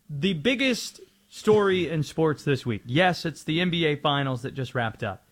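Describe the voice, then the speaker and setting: A man's voice: a little high, fairly bright tone. A man co-hosting a sports talk show, setting up topics and introducing clips. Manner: segues into topics, sets up clips.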